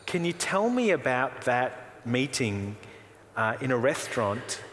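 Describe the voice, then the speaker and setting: A man's voice: medium pitch, sing-song, a bit bright. Man interviewing in a hall. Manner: measured questions with hesitant stammering starts. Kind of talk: onstage festival interview. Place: festival stage before an audience. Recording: hall reverb with faint ambient noise.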